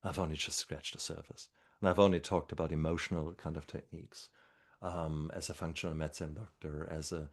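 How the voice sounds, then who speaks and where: A man speaking as a guest doctor in a podcast interview, talking in an earnest, encouraging way. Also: deep voice. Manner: speaks slower when calm.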